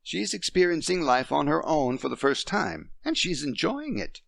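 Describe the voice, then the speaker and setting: A man voicing a poised French wife near fifty, patient and gently reasoning with her husband. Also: on the high side, big pitch swings, normal speed, creaky, dry recording, clean studio sound, pitched above the performer's own voice, heavily acted. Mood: firm.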